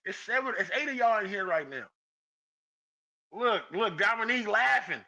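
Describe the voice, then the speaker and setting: Male podcast host, bright high voice, teasing, lo-fi stream audio. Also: expressive, moderate pace, gravelly. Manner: teasing, calls out listeners by name, laughs often. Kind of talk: casual live-stream chat.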